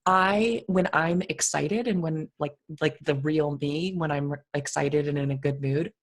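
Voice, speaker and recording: A woman co-hosting a podcast, with a deep, soothing voice and an animated, expressive way of talking full of fillers. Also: a little slow. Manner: animated and expressive, filler-heavy, laughs often. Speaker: podcast co-host. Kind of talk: casual conversational interview.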